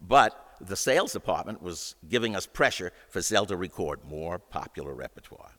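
A man telling a wry, expressive anecdote about his years in the record business. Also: low-pitched, normal speed, big-room sound. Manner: wry, expressive, acts out dialogue. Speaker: storyteller recalling his record-industry career. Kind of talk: anecdotal storytelling.

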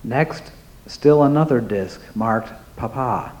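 A man announcing and describing recordings one at a time, in a slow, careful way. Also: lowish voice, a little mellow. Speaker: presenter playing recordings. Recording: roomy with faint ambience.

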